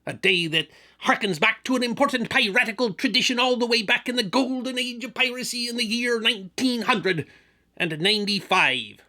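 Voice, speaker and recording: Boisterous male pirate put on by a man, growling pirate dialect, drawn-out words, bright sharp tone. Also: very high-pitched, voice pushed up, exaggerated voice. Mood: rollicking.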